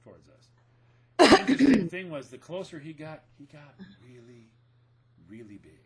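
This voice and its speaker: A man's voice: a little high, very animated, normal speed, a little mellow. A middle-aged man co-hosting a casual chat, telling stories with a joking manner and frequent laughter. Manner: joking storyteller, laughs often. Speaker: podcast co-host.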